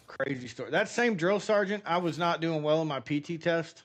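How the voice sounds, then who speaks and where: Man, middle-aged, slightly high voice, game streamer, casual rambling storyteller, animated. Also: normal speed, faint music behind. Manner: rambling and animated, many fillers. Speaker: gaming streamer.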